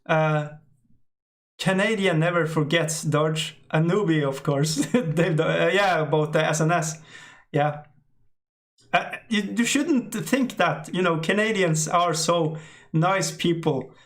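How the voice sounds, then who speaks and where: A middle-aged man, an English speaker, hosting a casual live stream and reading out chat, halting with many fillers and frequent laughs. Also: fairly high pitch, fairly bright tone.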